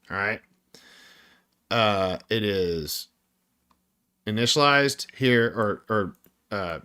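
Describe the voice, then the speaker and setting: A man's voice: mid-range voice, sharp tone. A man developing a game on a live stream, thinking aloud through his code, frustrated and swearing constantly while he talks to viewers.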